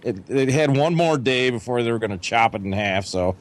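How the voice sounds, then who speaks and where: A man's voice: medium pitch, lively intonation, a little fast. A middle-aged man telling a long, profane story in casual podcast chat, full of "you know". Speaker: podcast co-host.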